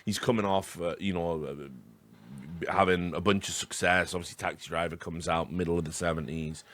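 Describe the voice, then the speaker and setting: A man's voice: low-pitched, fairly even intonation, a bit bright, no echo. A man co-hosting a film podcast, talking eagerly with many restarts. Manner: enthusiastic, halting restarts. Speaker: podcast co-host. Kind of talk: casual film discussion.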